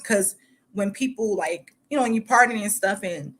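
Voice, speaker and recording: Woman, from Michigan, channel host, halting read-aloud, casual asides, lots of filler words. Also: mid-range voice. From Michigan, United States. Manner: halting reading broken by chatty asides full of "like". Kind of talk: casual commentary while reading a news article aloud.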